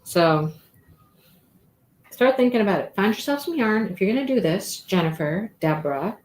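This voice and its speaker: A woman's voice: expressive, normal speed, a little mellow. A woman hosting a crochet livestream, chatting casually and rambling as she works her stitches. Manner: chatty, rambling, talks to her cat in a high baby voice.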